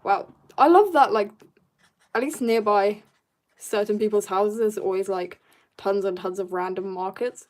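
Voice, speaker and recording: This livestreaming artist has a medium-pitched, darkish voice and keeps a measured pace. Between strokes she reads chat and talks casually with viewers, cheerful and laughing a lot.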